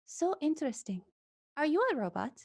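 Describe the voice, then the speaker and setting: A woman's voice: sits high, very animated, brisk, vocal fry, darkish tone, no echo, voice pushed up, exaggerated voice. A woman voicing a stern, formal half-orc lady.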